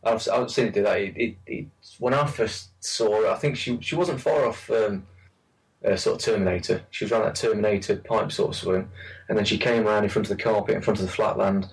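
A man's voice: fairly low pitch, brisk, vocal fry, recorded from a distance, rough recording. A man chatting casually about carp fishing, rambling and repeating words as he tells stories. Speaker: carp angler recalling a lake. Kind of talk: casual chat.

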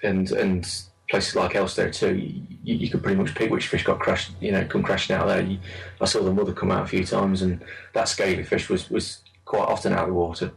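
A man's voice: sits low, little pitch movement, a little fast, vocal fry, distant mic, poor audio. A man chatting casually about carp fishing, rambling and repeating words as he tells stories. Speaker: carp angler recalling a lake. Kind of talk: casual chat.

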